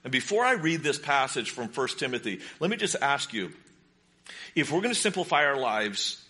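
A man with a medium-pitched, sharp-toned voice preaches a sermon as pastor in a church sanctuary before his congregation. He keeps it conversational, asking them questions as he goes.

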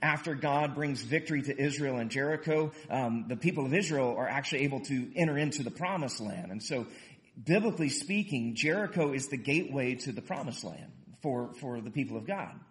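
A man preaching a sermon in an animated way, casually explaining a Bible passage and acting out the quotes. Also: medium pitch, brisk. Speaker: pastor.

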